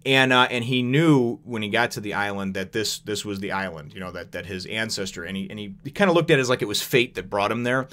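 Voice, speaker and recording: Man, young adult, lowish voice; loose rambling recap, chuckles often. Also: fast talker, few pauses, a bit bright. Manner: rambling, chuckling, many fillers. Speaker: manga chapter reviewer. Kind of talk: casual recap with commentary.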